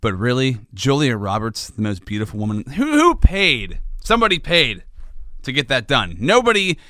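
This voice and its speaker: A man hosting a show, telling a long comic story in a rambling, animated way. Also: medium pitch, normal speed, dry recording, studio quality. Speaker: host, father of a toddler. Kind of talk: comedic monologue.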